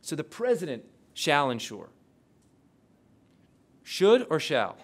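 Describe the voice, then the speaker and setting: A man lecturing a class, quizzing the audience with rapid questions. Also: a little high, sing-song. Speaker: lecturer on intelligence oversight.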